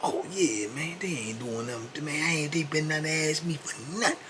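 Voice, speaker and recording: A man's voice: brisk, very noisy, natural voice. A man putting on a whiny, defensive prison cellmate. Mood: grumbling. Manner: defensive, grumbling, high-pitched whine. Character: proud, touchy male prison cellmate who can't read.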